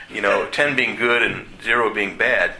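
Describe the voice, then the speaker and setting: Middle-aged priest giving a homily in church, real low voice but bright and punchy, talks plain, keeps restarting. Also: male voice, slight background noise, rough recording. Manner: plain-spoken, conversational, halting with restarts. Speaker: Catholic priest. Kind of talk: sermon.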